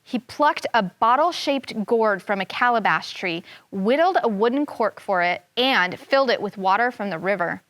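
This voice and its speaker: A woman's voice: medium pitch, expressive, normal speed, hardly any pauses, fairly bright tone, no room sound. A woman teacher reading a folk tale aloud to children, stopping to explain words and voicing the sound effects with expression. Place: classroom studio.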